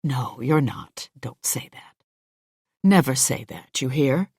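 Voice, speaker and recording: A woman narrator voicing a kindly, decent middle-aged male employer who is gentle and reassuring, but firm when pushed. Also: very deep voice, lively intonation, takes it slowly, slightly rough, no echo, clean studio sound, heavily acted. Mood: soothing.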